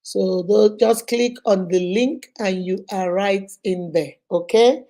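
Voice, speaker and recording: A Nigerian woman in her thirties hosting a casual live stream, chatting and greeting viewers by name, her voice going a little hoarse from a cold. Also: mid-range voice, takes it slowly, mellow.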